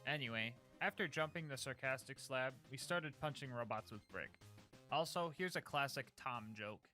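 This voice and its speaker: A man's voice: medium pitch, normal speed, sharp tone, faint music behind. A man narrating a scripted gameplay recap of a challenge run in a jokey, upbeat, slangy way.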